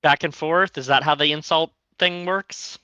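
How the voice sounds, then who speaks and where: Cocky, bright tabletop player. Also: mid-range voice, fairly even intonation, moderate pace, clean tone, dry recording, muffled recording. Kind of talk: casual tabletop play.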